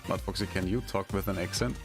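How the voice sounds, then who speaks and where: Low-voiced man chatting on a stream. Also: steady tone, fast. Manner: laughs often, chatty, hesitant fillers. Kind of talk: casual live-stream chat. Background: music.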